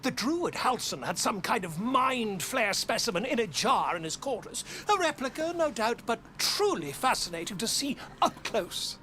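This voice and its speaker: A man's voice: extremely high pitch, very animated, normal speed, few pauses, bright, forceful tone, a little hiss or hum, exaggerated voice. An actor voicing a learned, wordy male wizard in a video game, speaking in a polished, theatrical manner. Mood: enthused.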